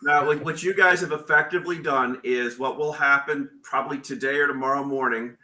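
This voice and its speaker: Bright-voiced host in an echoey room. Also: male voice, medium pitch, steady tone, a little fast. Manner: moderating, prompts guests. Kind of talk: casual panel discussion.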